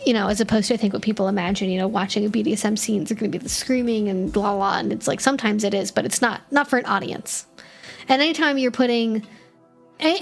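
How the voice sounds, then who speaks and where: A young adult woman hosting a casual live stream, chatting loosely with frequent fillers and restarts as she answers questions from chat. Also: fairly high pitch.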